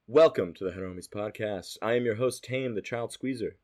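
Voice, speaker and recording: A young adult man hosting a casual podcast chat, joking loudly and breaking into laughter. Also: lowish voice. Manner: loud, joking, laughing outbursts. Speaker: host.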